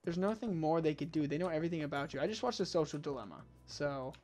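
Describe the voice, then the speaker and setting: A man streaming a farming game and chatting casually with a friend, excitable and quick to exclaim, sounding tired. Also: fairly high pitch. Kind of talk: casual gaming chat.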